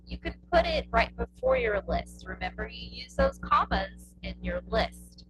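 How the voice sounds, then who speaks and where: A woman's voice: a little high, sing-song, music in the background, low-quality recording. A woman teaching a test prep lesson on punctuation, patient and repetitive, often checking in with "okay?". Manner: slow, patient, repeats points with checking "okay?". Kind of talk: classroom lesson explaining punctuation.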